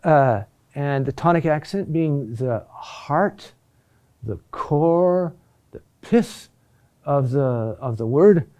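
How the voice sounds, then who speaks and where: A middle-aged man teaching a recorded lesson, speaking in a halting way with many fillers and restarts. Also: fairly high pitch, lively intonation, dark tone. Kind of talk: recorded lesson on Latin chant accentuation.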